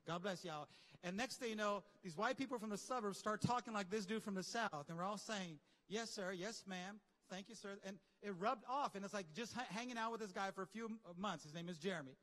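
A man preaching a lively, conversational sermon with slang and asides to his congregation. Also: sits high, fast, in a large hall. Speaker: pastor. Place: large church hall.

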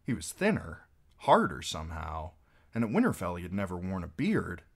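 Low, animated male audiobook reader. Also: normal speed, vocal fry, breathy edge. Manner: expressive, animated reading. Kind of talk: amateur audiobook narration.

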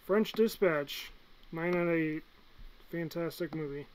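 A young man from the United States ranking movies in a casual vlog, blunt and excitable, swinging from loud bursts to muttered asides. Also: a little high, a little slow, rough recording. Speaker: movie reviewer.

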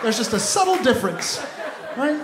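A man's voice: very high voice, sing-song, normal speed, heavy background noise. Male comedian, thirties, punchy exasperated delivery, stage mic, echoey club, crowd laughter. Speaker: stand-up comedian. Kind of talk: stand-up comedy set.

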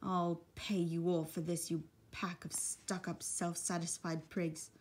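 A woman voicing a sulky, spiteful young schoolboy in a storybook reading, husky and muttering. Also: a little high, animated, normal speed, darkish tone, voice pushed up.

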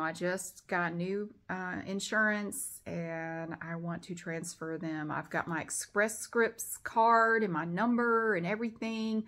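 A middle-aged woman, talking casually to the camera at home and telling an exasperated, animated story. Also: on the low side. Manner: exasperated, animated retelling with acted-out quotes. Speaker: vlogger.

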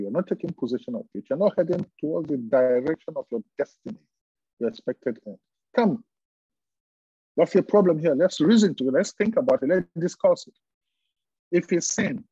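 Male pastor, fervent repetitive sermon delivery, fairly high husky voice, dull dry recording. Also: dark tone, no echo. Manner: fervent preaching with repetition and emphatic pauses.

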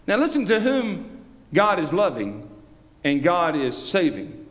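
Man, pastor, high voice, lively sermon delivery, long church reverb. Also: moderate pace. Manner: preaching with rising emphasis and scripture quotes. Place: church sanctuary.

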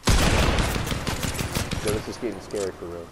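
A young man giving slangy, excitable gameplay commentary, trash-talking opponents as he plays. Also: lowish voice, moderate pace. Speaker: gaming YouTuber. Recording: noisy game audio behind. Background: game sounds.

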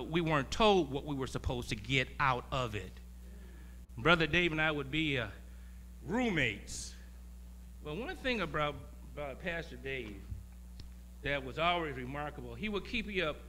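A man preaching as a guest pastor, talking in a conversational way, laughing and swinging from quiet asides to loud emphasis. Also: on the high side, big pitch swings, a little slow, a little hiss or hum. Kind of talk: sermon.

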